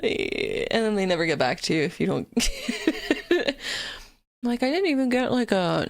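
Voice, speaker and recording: This is a woman streamer on a casual live stream, giggly and quick to swear. Her voice has a gravelly, fried edge and is pitched in the middle range. The desk-mic sound is dry, with no room around it. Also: huge pitch swings, no echo. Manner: chatty, giggly, swears freely. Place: home streaming setup.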